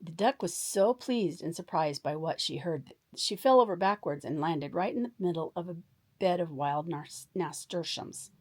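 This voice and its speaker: A woman reading a children's story aloud in a warm, expressive bedtime storytelling manner. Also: on the low side, normal speed, slightly rough.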